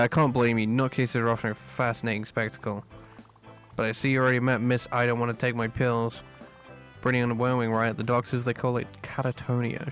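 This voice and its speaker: A man's voice: medium pitch, fairly bright tone, lightly acted. A man voicing a brash, foul-mouthed asylum orderly, reading game lines in a sarcastic, crude way. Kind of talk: reading game dialogue aloud. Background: game music.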